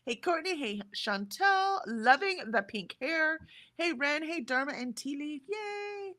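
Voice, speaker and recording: Woman in her forties, livestream co-host, bright and chatty, reads chat aloud. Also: sits high, lively intonation, unhurried. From Texas, USA. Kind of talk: casual chat reading out live chat.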